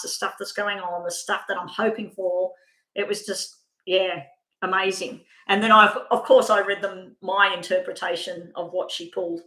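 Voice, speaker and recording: A woman's voice: mid-range voice, bright, forceful tone, reverberant, low-quality recording. A woman giving a live tarot card reading, talking in a chatty, rambling way and breaking off mid-thought. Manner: chatty, rambling, self-interrupting. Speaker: tarot reader.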